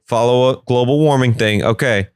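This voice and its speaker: A man's voice: mid-range voice, normal speed, smooth, no echo, studio quality. Man rambling through a solo comedy podcast. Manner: rambling, joking asides. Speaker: podcast host. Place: apartment.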